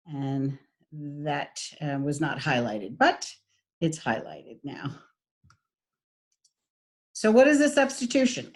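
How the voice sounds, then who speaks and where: Lively woman teaching a diction class. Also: on the low side. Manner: animated, demonstrates sounds by exaggerating them. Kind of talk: online class lecture.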